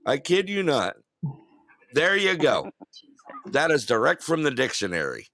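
A man hosts a laid-back live online show, joking with his callers and laughing often. His pitch moves around a lot as he talks. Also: huge pitch swings, unhurried, fairly bright tone, dry recording. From New York. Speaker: host. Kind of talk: casual live show chat.

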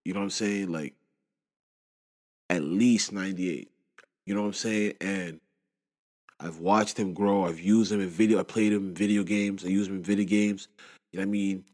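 Pitched low and steady in tone, this man moves at a moderate pace with long pauses, sounding a little mellow in a long reverb. In his twenties, he hosts a solo podcast, upset and shaken, wandering through a casual ramble full of "you know what I'm saying."

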